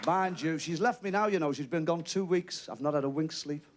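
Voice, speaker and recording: A man's voice: fairly high pitch, a loud crowd, heavy background noise. A man with a Liverpool accent doing a stand-up comedy routine, telling jokes and voicing characters in a TV studio. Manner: quick joke-telling with lively voiced characters. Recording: TV studio with audience laughter.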